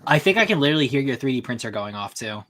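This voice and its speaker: A man's voice: mid-range voice, big pitch swings, rapid-fire, sharp tone. A man hosting a livestream over online voice chat, chatting loosely and summing up a fan story with fillers and restarts. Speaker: livestream host.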